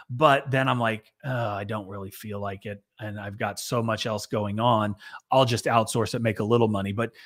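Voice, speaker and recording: Relaxed, rambling male business owner. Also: mid-range voice. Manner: relaxed, rambling, filler-heavy. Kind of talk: casual business Q&A chat.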